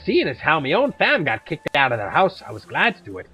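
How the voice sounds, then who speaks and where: Man doing a blunt, gruff Irish huntress, husky and higher than his own voice, swinging lively up and down, faint game music underneath. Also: fairly quick, exaggerated voice, low-quality recording. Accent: put-on Irish, drifting toward Scottish. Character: tough middle-aged Irish woman, blunt monster hunter.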